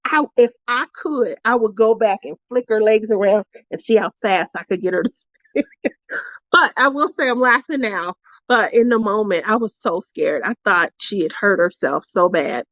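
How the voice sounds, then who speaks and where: A woman's voice: mid-range voice, moderate pace, a bit bright, no echo, dull audio. A woman vlogger telling a craft retreat story in a casual way, laughing often between sentences. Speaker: crafting vlogger giving awards.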